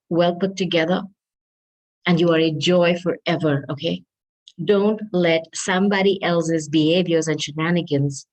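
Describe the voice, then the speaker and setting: Lowish-voiced woman giving a tarot reading. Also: low-quality recording. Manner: earnest, coaxing, repeats "okay?" to the listener; reads card messages aloud slowly. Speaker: tarot reader.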